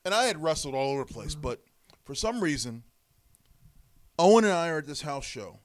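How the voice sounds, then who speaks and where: A former wrestler, a man, telling lively stories in an interview and acting out the quotes. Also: a little high, fairly quick, a little hiss or hum. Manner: animated storyteller, acts out quotes. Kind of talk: storytelling interview.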